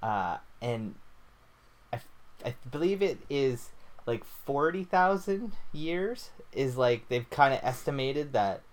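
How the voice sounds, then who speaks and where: Casual guy co-hosting a podcast, goofy and rambling, middle pitch. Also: big pitch swings, slow. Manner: jokey, rambling, explains theories with fillers. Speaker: podcast co-host. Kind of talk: casual chat.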